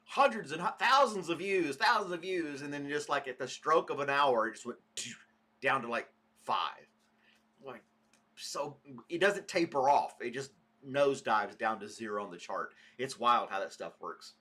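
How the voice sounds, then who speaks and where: A man's voice: mid-range voice, lively intonation, normal speed, pushed and bright. A man hosting a casual morning livestream podcast, rambling chattily and greeting viewers by name. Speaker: podcast host.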